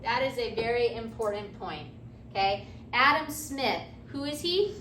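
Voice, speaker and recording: A high, bright woman lectures a class at a slow, deliberate pace, checking in with students as she goes. Her voice is picked up from a distance in an echoey classroom, with faint room noise underneath. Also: lively intonation. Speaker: teacher.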